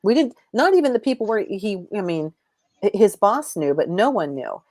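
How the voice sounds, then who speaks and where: A woman's voice: medium pitch, very animated, moderate pace, a little mellow, no echo, studio quality. A woman, an intuitive reader, talking as a guest in a casual live chat, rambling with many restarts.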